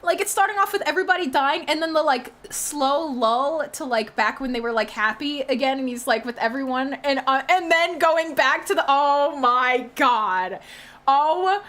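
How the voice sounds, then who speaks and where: A young woman streaming, reacting loudly with shrieks and swearing, then rambling casually about what she watched. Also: sits high, brisk, hardly any pauses.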